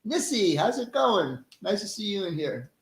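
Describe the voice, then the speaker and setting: A man's voice: sits high, big pitch swings, moderate pace, reverberant, rough recording. Chatty man hosting a live stream. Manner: friendly, chatty, laughs easily. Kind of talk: casual live stream chat greeting viewers.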